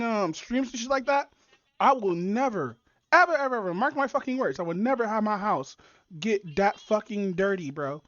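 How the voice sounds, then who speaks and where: A woman's voice: on the high side, no room sound. A woman streamer chatting casually while reacting to videos, swearing often and rambling with many fillers. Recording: dull, dry muffled audio.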